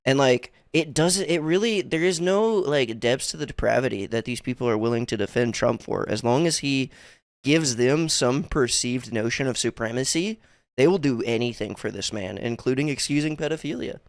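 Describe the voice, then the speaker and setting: Speaking at a moderate pace in a medium pitch, a man co-hosts a casual podcast, rambling along with lots of fillers and curse words. The sound is clean and studio-grade, with no room echo.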